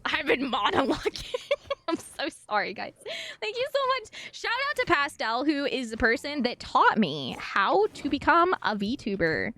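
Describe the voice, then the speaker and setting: A woman streaming as a VTuber, chatting casually and reading her chat aloud, bubbly and excitable, often laughing and close to tears. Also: high-pitched, unhurried. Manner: emotional, on the verge of tears.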